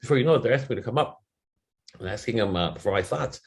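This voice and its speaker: A gravelly, fairly low-pitched middle-aged man talks fast and expressively in a motivational webinar, relating an emotional, candid personal story with casual cursing. He quotes people in different voices while his loudness rises and falls.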